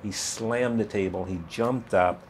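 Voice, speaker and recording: A man in his sixties, a guest in an interview, telling his life story in a lively way, acting out other people's voices and laughing often. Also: lowish voice, unhurried, a little hiss or hum. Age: 60s. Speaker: guest, retired bodybuilder.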